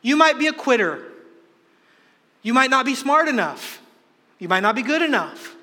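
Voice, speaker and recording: A man's voice: very high-pitched, big pitch swings, normal speed, bright, forceful tone. A man preaching a sermon with energy, acting out the voices he quotes, recorded in a church hall. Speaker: pastor. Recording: long hall reverb.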